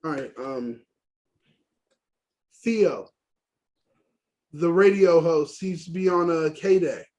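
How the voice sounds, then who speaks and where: Animated high-voiced man in blunt chat. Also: slow, dull audio. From Haiti. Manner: blunt, animated, swears freely. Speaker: podcast co-host. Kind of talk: casual podcast chat.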